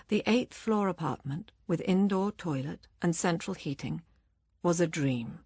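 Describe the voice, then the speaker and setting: Low-voiced woman narrating a novel. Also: no room sound, studio quality. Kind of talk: scripted audiobook narration.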